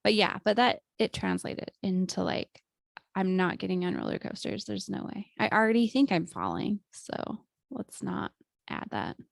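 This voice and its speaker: Gravelly-voiced young woman co-host, dry sound. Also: mid-range voice, lively intonation, normal speed, no room sound. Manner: casual, conversational, chimes in with short replies. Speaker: podcast co-host. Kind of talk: casual chat.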